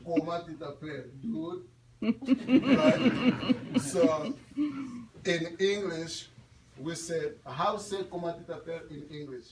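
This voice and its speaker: Guy in his 20s talking to a class, slow and kinda high voice, laughs a lot, roomy far-off sound. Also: slight background noise. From Congo. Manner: animated, laughing, quizzing the audience. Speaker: guest speaker at a school. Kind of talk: talk to students. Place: classroom or school hall. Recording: echoey room audio from far off.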